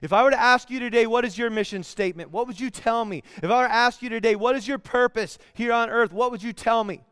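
A man preaching a sermon, telling stories in an animated way and breaking into bits of song. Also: very high-pitched, fast, clean tone, no echo, clean studio sound. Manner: storytelling, animated, bursts into song. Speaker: pastor.

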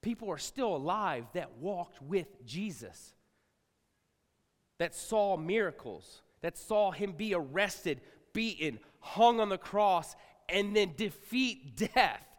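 A middle-aged male pastor preaching to a congregation, talking casually and swinging from quiet asides to loud outbursts. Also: sits high, expressive, takes it slowly. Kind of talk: sermon. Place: large church hall. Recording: live sermon with long hall reverb.

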